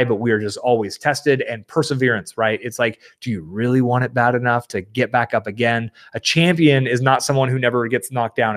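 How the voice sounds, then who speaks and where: A man hosting a live stream, reading viewer comments and answering in a rambling, animated way. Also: mid-range voice. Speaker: livestream host. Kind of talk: casual live Q&A.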